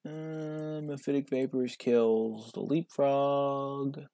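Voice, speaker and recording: A man hosting his gaming channel, giving casual commentary on a card game in a wry, self-mocking way with sudden excited outbursts. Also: medium pitch, drawn-out words, dry recording, studio quality.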